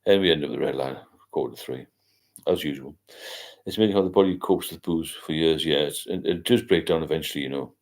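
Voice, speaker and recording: A man's voice: a bass voice, quick pace, a little mellow. An older man, hosting a casual late-night livestream and rambling as he reads out viewer comments. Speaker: livestream host.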